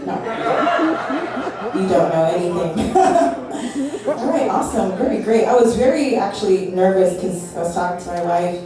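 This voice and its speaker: A young woman doing stand-up, talking in a halting, self-deprecating way full of fillers. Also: medium pitch, animated. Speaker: stand-up comic. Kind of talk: stand-up comedy set. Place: comedy club stage. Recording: echoey club from far off, crowd. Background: audience laughter.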